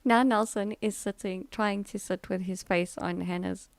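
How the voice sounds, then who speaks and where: A woman's voice: mid-range voice, steady tone, normal speed, a little hiss or hum. A middle-aged woman, hosting a casual livestream chat, rambling and laughing with fillers. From South Africa. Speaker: livestream host.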